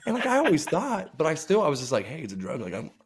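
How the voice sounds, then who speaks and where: Animated man telling crude stories. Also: fairly high pitch, quick pace, husky. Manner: crude, lively storytelling with acted quotes. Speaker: podcast co-host. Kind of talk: casual podcast chat.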